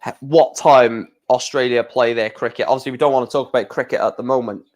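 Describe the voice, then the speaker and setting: A man's voice: mid-range voice, fairly even intonation, quick pace, darkish tone. A young man hosting a casual live stream, chatting in a rambling way and often correcting himself.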